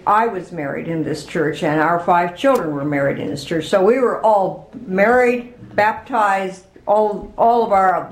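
Older woman, oral-history interviewee, warm chatty recall, roomy echo. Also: on the low side, a little hiss or hum. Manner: chatty, reminiscing with laughs.

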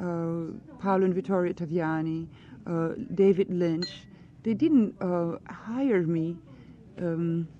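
A woman's voice: fairly low pitch, mellow, muffled recording. Earnest woman searching for words. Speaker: actress being interviewed. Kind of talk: press junket interview.

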